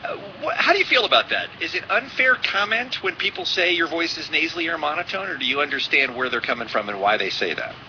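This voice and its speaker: A man co-hosting a radio call-in show, brisk and teasing as he takes callers. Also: fairly high pitch, expressive, bright, forceful tone, muffled recording, slight background noise. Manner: brisk, teasing, runs the calls.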